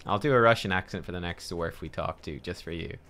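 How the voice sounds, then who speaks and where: Low-voiced man muttering over a game. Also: a little fast, fairly bright tone. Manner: muttering, swearing, thinking aloud. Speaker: streamer playing an online game. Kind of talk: casual gameplay commentary. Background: game music.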